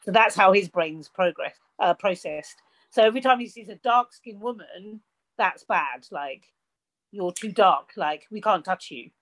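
Calm mother explaining a plot. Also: mid-range voice, a little slow. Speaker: mother joining the chat. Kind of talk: casual chat.

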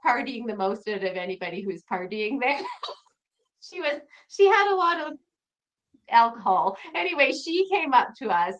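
A woman guest on a podcast, chatting casually and telling animated stories with frequent laughter. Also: mid-range voice. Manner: animated storyteller, laughs often. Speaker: podcast guest, home renovation creator.

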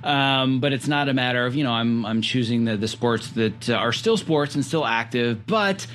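A man's voice: medium pitch, normal speed, fairly bright tone, slight background noise. Thoughtful man hosting an interview. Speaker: podcast host. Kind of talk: reflective interview questions.

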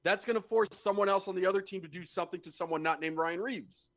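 Blunt guy cohosting a hockey podcast, kinda high voice, swears a lot, casual chat. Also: quick pace. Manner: blunt, swears freely, analytical. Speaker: podcast co-host. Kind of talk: casual sports talk.

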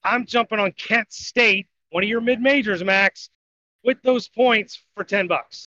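Podcast co-host, male, high bright voice, rambling betting picks, lo-fi sound. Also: a little slow. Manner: rambling, self-correcting picks. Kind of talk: casual sports betting talk. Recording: dull lo-fi audio.

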